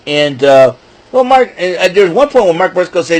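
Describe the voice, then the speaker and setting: A man's voice: high-pitched, very animated, normal speed, a little mellow. A man casually recapping a wrestling show, rambling with many fillers and restarts.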